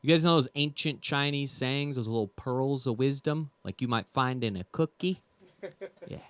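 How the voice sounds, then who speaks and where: A man's voice: medium pitch, moderate pace, dry recording. A man doing a rambling, self-deprecating stand-up comedy set. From United States.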